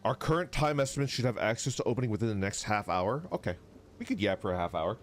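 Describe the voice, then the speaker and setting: A man's voice: lowish voice, quick pace, slight background noise. A man streaming live, chatting casually with viewers and reading their messages aloud, swearing freely. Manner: lively, swearing, reads chat aloud.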